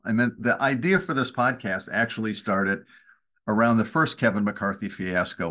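A man from Wisconsin, a former congressman, talking candidly in an interview and telling anecdotes. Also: on the low side. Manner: candid, anecdotal, lively storytelling. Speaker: former congressman, podcast host guest. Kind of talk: conversational interview.

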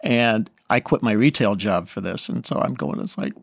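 Animated man telling a story. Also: on the low side, moderate pace, creaky, no room sound, clean studio sound. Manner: animated storyteller, quotes others in lively voices. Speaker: guest musician. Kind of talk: casual storytelling interview.

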